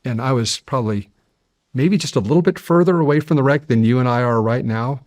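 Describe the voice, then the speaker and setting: A man in his fifties, a guest on an interview show, telling stories in a measured, earnest way and building to animated passages. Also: medium pitch, no room sound, studio quality. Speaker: guest, deep-sea explorer. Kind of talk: conversational interview storytelling.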